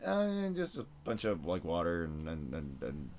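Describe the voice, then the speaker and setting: A man's voice: sits low, huge pitch swings, normal speed, a little mellow, slight background noise. A man from Venezuela hosting a podcast, chatting casually in a rambling, giggly way with lots of fillers. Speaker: podcast host. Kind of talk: casual chat.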